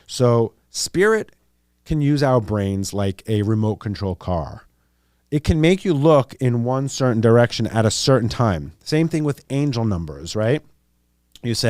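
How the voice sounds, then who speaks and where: A man's voice: mid-range voice, sing-song, normal speed, darkish tone, no echo, clean studio sound. A young man, hosting a podcast in a loose, rambling monologue with joking asides. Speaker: podcast host. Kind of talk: casual monologue.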